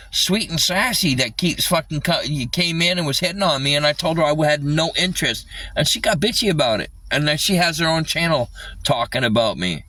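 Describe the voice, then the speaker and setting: A man's voice: on the high side, bright, forceful tone, no echo. A man livestreaming an agitated rant, swearing constantly, with his voice a little distant from the mic.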